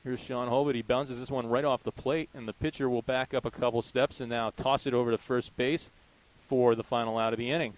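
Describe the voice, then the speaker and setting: A young man calling a college baseball game pitch by pitch in steady, descriptive play-by-play. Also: brisk, few pauses, rough recording. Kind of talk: live baseball play-by-play commentary.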